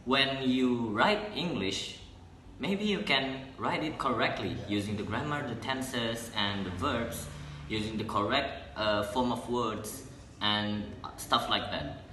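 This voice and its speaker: A young man, a student presenting an English lesson in a halting way, correcting himself as he goes. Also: mid-range voice, bright, forceful tone, slight background noise. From Indonesia. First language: Indonesian. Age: young adult. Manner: halting, with restarts and self-corrections. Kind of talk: classroom explanation. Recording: echoey room.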